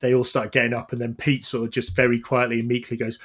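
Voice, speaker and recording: A man's voice: mid-range voice, little pitch movement, fast, a bit bright. A man hosting a podcast, telling anecdotes in a casual, rambling way with lots of ums and restarts. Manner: rambling anecdotal storytelling with many fillers. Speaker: podcast host.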